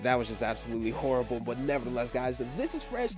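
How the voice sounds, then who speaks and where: A young man, a gaming YouTuber, casually wrapping up his video in a quick, relaxed way. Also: music in the background. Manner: quick, relaxed, low-key.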